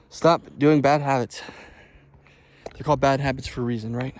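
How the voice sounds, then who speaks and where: A man's voice: mid-range voice, moderate pace, a little mellow. A man rambling casually as he walks along a road outdoors, laughing at himself as he talks. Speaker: vlogger. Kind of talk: casual walking vlog monologue.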